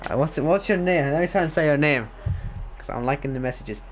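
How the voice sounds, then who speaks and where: A man's voice: fairly high pitch, quick pace, a little hiss or hum. A Northern Irish man casually commentating an online race league stream, rambling, joking at his own expense and reading out chat messages.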